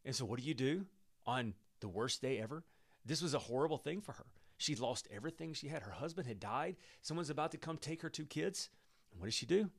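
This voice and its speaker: Gravelly, animated man teaching the Bible. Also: mid-range voice. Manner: animated, emphatic, with chuckles.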